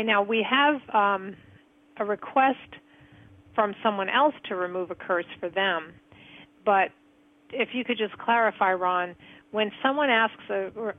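A woman's voice: medium pitch, normal speed. A woman co-hosting a call-in radio show, reading out listener messages and asking the host clarifying questions. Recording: tinny phone-line radio sound.

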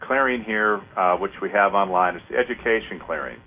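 Man, radio host, meandering and filler-heavy, husky tone, tinny narrow-band sound. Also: fairly low pitch. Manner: rambling, halting, many fillers, counts aloud slowly. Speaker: host leading an energy clearing. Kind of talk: casual radio talk.

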